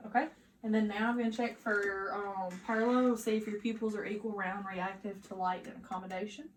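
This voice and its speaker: A woman who is a nursing student, narrating a physical assessment step by step with steady, instructive directions. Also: medium pitch, a little fast, slight background noise. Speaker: nursing student performing an exam. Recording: echoey room with faint ambience.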